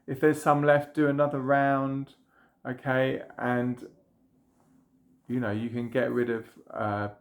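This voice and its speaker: A man, a trauma healing practitioner, calmly guiding viewers through a tapping exercise with gentle, repeated phrases. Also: mid-range voice, takes it slowly, pauses often. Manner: gentle, repetitive guided phrases. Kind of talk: guided tapping demonstration.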